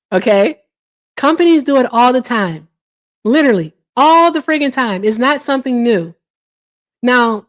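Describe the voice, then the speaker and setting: A combative woman hosting a live stream, her voice sitting a little high. She hammers her points by repeating them and cuts over her caller. Her tone stays casual and blunt. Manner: casual, uses "y'all". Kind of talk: heated live-stream debate.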